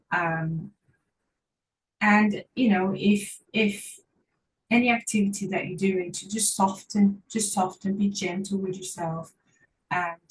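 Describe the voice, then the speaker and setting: A woman's voice: lowish voice, distant mic, slight background noise, rough recording. A woman physiotherapist giving an online workshop talk, speaking earnestly and encouragingly and repeating phrases for emphasis.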